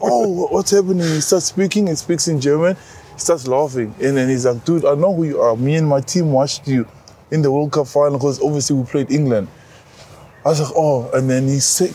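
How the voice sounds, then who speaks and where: A South African man in his thirties, a rugby captain, telling stories in relaxed casual chat as an interview guest. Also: medium pitch, slight background noise. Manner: relaxed storytelling, says bro a lot, many restarts.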